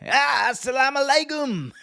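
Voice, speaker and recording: A man putting on the voice of a pompous, hammy male wrestler, booming theatrical taunts. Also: expressive, normal speed, vocal fry, pushed and bright, heavily acted.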